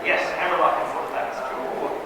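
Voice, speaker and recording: A man's voice: moderate pace, far from the mic. A man answering fan questions on a convention panel, telling jokey stories and acting out quoted lines. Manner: animated, jokey storytelling with quoted voices. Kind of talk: live Q&A panel talk. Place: convention hall with audience. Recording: echoey hall, mic heard from afar, noisy.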